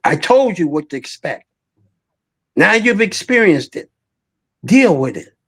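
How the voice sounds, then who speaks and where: A man's voice: high voice, big pitch swings, measured pace, a bit bright, breathy edge, exaggerated voice. An older man quoting his stern, no-nonsense mother, firm and commanding.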